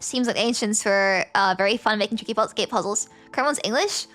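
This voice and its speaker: A woman streamer giving casual, excitable gameplay commentary, swearing and boasting freely. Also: mid-range voice, quick pace. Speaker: VTuber streamer. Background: game music.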